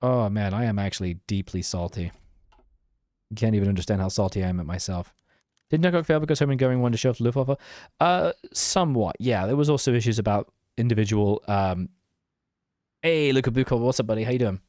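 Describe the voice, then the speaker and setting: A young man streams a game live, chatting casually, mocking himself, and reading and answering chat. His voice is fairly low, a little mellow, and a little fast, recorded dry like a booth with no echo.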